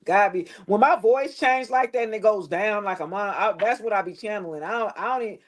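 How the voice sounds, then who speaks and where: A woman giving a casual tarot reading to the camera, blunt and preachy, swearing freely and dropping her voice low at times. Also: fairly quick. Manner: preachy, blunt and profane, with loose slangy phrasing; drops into a lower tone at times. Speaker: tarot reader.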